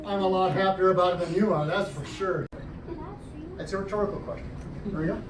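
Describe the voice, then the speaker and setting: Over loud music, a man's high-pitched voice runs a little fast and fairly even as he juggles for a library audience, joking and describing each trick step by step. His stage patter, filmed from the audience inside the program room, sounds roomy, distant and noisy.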